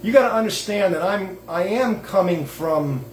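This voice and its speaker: A man's voice: sits high, expressive, moderate pace. A man hosting a show as a self-styled rabbi, talking in an emphatic, digressive way with many restarts while reading and commenting. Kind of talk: rambling religious monologue with reading aloud. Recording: echoey room with faint background noise.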